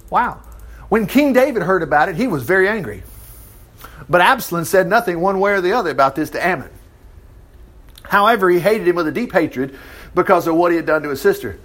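Preacher, high voice, big swings, wry asides. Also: male voice, fairly bright tone. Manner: folksy asides, wry commentary. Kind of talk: sermon, conversational storytelling.

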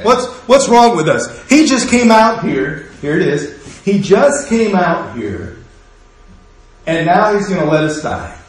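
A man's voice: high-pitched, sing-song, slow, heavy reverb, exaggerated voice, poor audio. A man voicing a frightened, grumbling Israelite who mutters complaints about his leader. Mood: resentful. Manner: muttering, resentful.

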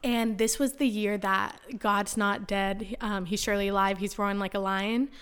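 A woman's voice: mid-range voice, steady tone, normal speed, a bit bright, clear, resonant tone. Young woman, podcast guest, casual storyteller who acts out quotes and speaks earnestly about faith. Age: young adult. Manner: chatty, full of "like" and acted-out quotes.

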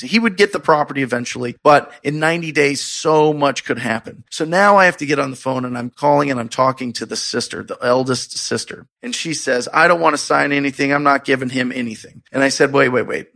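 A man telling a personal story in a casual, expressive way, acting out his own excited reactions. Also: mid-range voice, vocal fry. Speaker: real estate investor telling his story.

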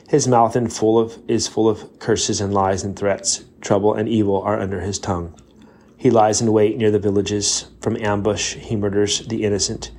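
A lower-voiced man reads scripture aloud, keeping his pitch level and even. He goes steadily from passage to passage and sometimes trips on a word and starts it again. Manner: plain, steady reading with small slips and restarts. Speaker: Bible reader.

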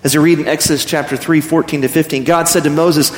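A man preaching a sermon as pastor, earnest and animated, often restarting his phrases. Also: fairly high pitch, quick pace, few pauses, roomy sound, long reverb tail.

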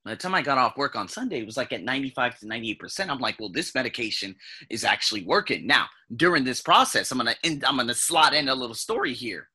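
This vlogger is a man recounting something from his own life to the camera, his voice very bright, piercing and tense, with some huskiness. He talks quickly at a medium pitch, swinging widely up and down. Loose and lively, he curses often and occasionally mimics noises.

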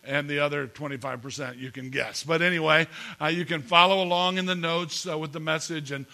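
A man's voice: on the high side, fairly even intonation, brisk, creaky, sharp tone. A man preaching a sermon as pastor in a church, folksy and joking, calling on the congregation to respond. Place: church sanctuary.

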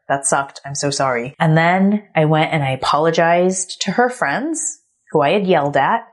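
In a low voice, a woman in her thirties opens up on her podcast with a frank personal story, mixing reflection with gentle laughs.

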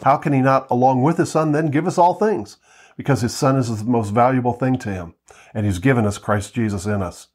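A man giving an earnest Bible teaching, slowing down to read verses and often repeating words as he talks. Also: mid-range voice, darkish tone. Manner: earnest, reads scripture slowly, repeats words. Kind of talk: teaching sermon. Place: at home, seated with Bible on lap.

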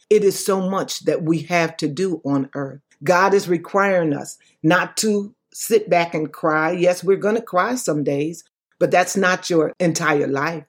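Woman evangelist, impassioned testimony, preacher-like cadence, emphatic repeats. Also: on the low side. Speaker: evangelist and author guest.

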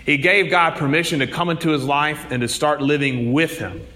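A man's voice: on the high side, moderate pace, bright, forceful tone. A man, a priest, preaching a sermon in a conversational storytelling way, with rising emphasis. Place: church. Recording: long hall reverb.

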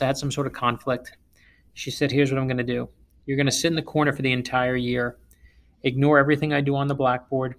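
A man who is an author, from South Florida, telling stories in an interview in an emphatic, animated way. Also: medium pitch. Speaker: author and guest speaker. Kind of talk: interview storytelling.

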